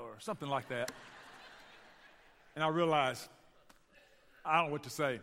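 Male pastor, Southern US accent, lively sermon delivery, raised pitch, ringing hall. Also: moderate pace, pauses often. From Tennessee, US Southern. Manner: storytelling, animated, addresses the church directly. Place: church sanctuary.

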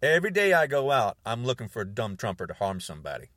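Angry man in his sixties, lively pitch. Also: fast talker, dry recording, studio quality. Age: 60s. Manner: heated, repeats words for emphasis. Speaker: video blogger. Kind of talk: angry monologue to camera.

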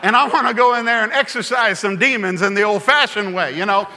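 Bright, high-voiced man preaching in a reverberant hall. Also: brisk, a little hiss or hum. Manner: animated storytelling, repeats phrases for emphasis. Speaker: pastor. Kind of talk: sermon.

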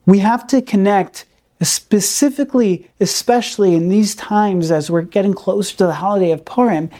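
A man's voice: sits high, moderate pace, mellow. A man teaching a recorded Torah class in an earnest, emphatic way, repeating key words for stress and peppering his speech with Hebrew terms.

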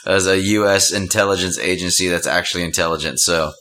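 A man's voice: deep voice, fairly even intonation, fairly quick, pushed and bright. A man co-hosting a podcast, laid-back and dry in a casual chat. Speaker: podcast co-host.

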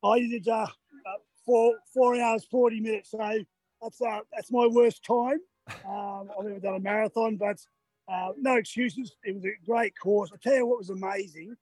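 Husky Australian man calling in after a marathon. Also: sits high, steady tone, moderate pace, no echo, faint music behind. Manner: chatty, laughs a lot, acts out what the crowd shouted. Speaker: marathon runner guest. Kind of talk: casual chat on a live radio call. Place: outdoors near a marathon finish line. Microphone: phone on a video call.

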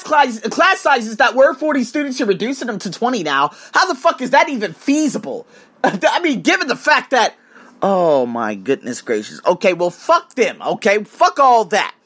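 A man who works as an English tutor, ranting casually to his viewers, swearing a lot and acting out conversations. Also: very high-pitched. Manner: animated, swears often, acts out conversations. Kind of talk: casual rant to camera. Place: living in Thailand.

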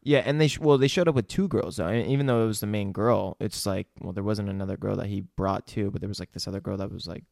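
Laid-back man with a gravelly voice. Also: on the low side, quick pace, few pauses, a little mellow, no room sound, clean studio sound. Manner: laid-back, rambling, many likes and restarts. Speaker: podcast co-host. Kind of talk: casual chat.

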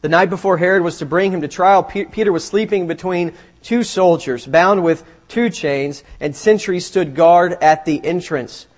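High-voiced man preaching a sermon. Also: normal speed, hardly any pauses. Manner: reads scripture, then retells it animatedly, drops low for emphasis. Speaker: pastor.

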